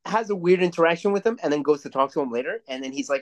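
A man's voice: on the high side, racing, few pauses. A young man co-hosting a podcast, rambling through movie reviews in casual chat with plenty of swearing. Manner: rambling, profane, animated storytelling. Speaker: podcast co-host.

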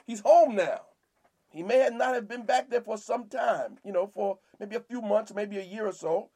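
A man's voice: sits high, moderate pace, mellow, husky. A man teaching scripture verse by verse in a preaching style, often repeating himself and asking "Amen?". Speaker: Bible teacher and podcast host.

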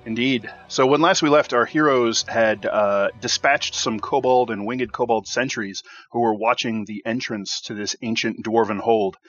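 A man acting as game master recaps the last session of a tabletop game in a measured, storytelling voice, filling pauses with uh. His voice sits in the middle of the male range. The sound is dry and lo-fi, with no room echo. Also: medium pitch, fairly bright tone, faint music behind. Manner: measured storytelling with many fillers. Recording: dull, lo-fi sound.

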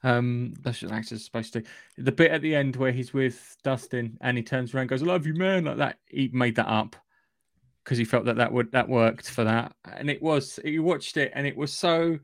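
A man's voice: medium pitch, moderate pace, creaky, no room sound, clean studio sound. A man co-hosting a podcast in casual chat, talking in a matter-of-fact, wry way. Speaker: podcast co-host.

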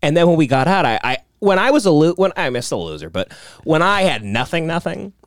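A man co-hosting a casual podcast, telling rambling stories and jumping up in pitch when he quotes people. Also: quick pace, dry recording, studio quality. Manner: animated storyteller, jumps in pitch when quoting people. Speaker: podcast co-host.

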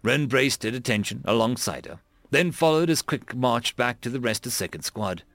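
A man narrating an audiobook in an expressive voice, voicing many characters. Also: mid-range voice, moderate pace, dry recording.

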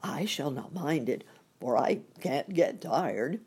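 A woman voicing a friendly, earnest male scarecrow stuffed with straw, in a husky, courteous storybook voice. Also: sits low, lively intonation, a little mellow, exaggerated voice. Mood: confiding. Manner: slow, courteous, confiding. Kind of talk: storybook reading.

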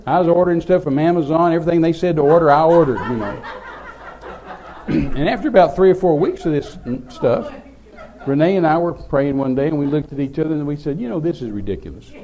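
A man's voice: a little high, fairly quick, a crowd in the background. An older man, telling a rambling, folksy story as a preacher. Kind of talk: sermon storytelling.

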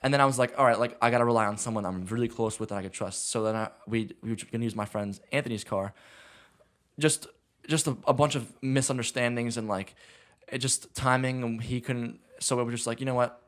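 A young man talking casually about a film project he worked on. His voice sits at an ordinary middle pitch, and he rambles from one thought to the next, leaning on "like" again and again. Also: fairly even intonation, fairly quick. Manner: rambling, lots of "like" and "long story short". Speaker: filmmaker guest. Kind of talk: casual chat.

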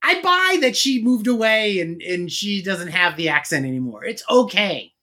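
A man with a Boston accent, trading animated stories and laughs in a casual podcast chat. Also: high-pitched, moderate pace. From Massachusetts. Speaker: actor and podcast talker.

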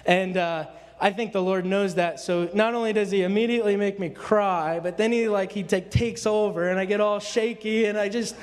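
A man's voice: high-pitched, fairly even intonation, moderate pace, big-room sound. A man giving an earnest, rambling church testimony to the congregation, often restarting his sentences. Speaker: church speaker. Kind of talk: informal sermon testimony.

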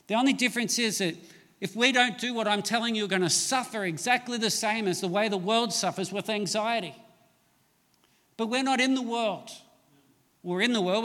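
A man's voice: high voice, fairly bright tone, in a large hall. A man preaching a sermon as a pastor, pressing his points with emphatic, rising delivery.

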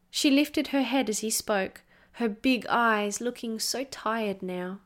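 A woman narrating a storybook in a slow, measured reading. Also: medium pitch, fairly bright tone.

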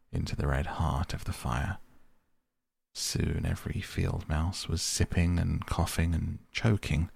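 Man, storybook narration, very deep voice, gravelly and husky, slow and measured. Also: darkish tone, no echo.

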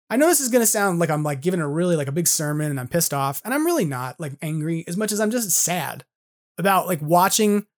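A man in his forties hosting a podcast, delivering an earnest, frustrated solo monologue full of casual fillers. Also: high-pitched. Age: 40s. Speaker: podcast host.

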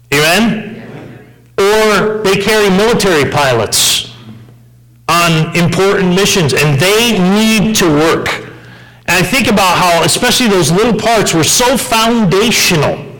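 A male pastor preaching an earnest, story-driven sermon, with frequent restarts and fillers, slowing down to stress key phrases. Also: high voice, fairly bright tone, low-quality recording. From United States.

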